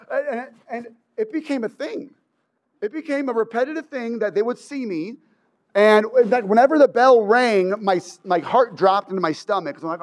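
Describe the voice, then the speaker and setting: High-voiced man telling a personal story. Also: fairly quick. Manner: animated, conversational, often asks "right?".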